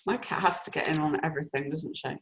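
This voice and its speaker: A woman's voice: sits low, quick pace, fairly bright tone, slight background noise. A woman co-hosting a live stream, reading out numerology numbers, apologetic and giggly. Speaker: numerology co-host.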